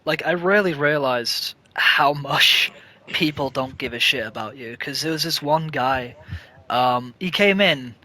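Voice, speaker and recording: A man's voice: on the high side, measured pace, bright, forceful tone. A young man co-hosting a podcast, telling shop stories with swearing, laughter and stammered restarts. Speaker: podcast co-host. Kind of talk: casual chat.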